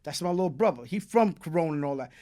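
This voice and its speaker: Speaking fast and expressively in a somewhat high, mellow voice, a man from Brooklyn with a New York accent guests on an interview. He tells a lengthy, profane, streetwise tale in a casual storytelling way, dropping tag questions like "you heard?".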